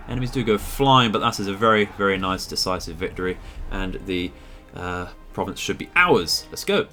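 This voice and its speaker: A man with a fairly low voice commentates on his strategy game. He talks in a polite, measured way, often pausing on small fillers as he weighs his choices. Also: pushed and bright, slight background noise. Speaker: gaming video host.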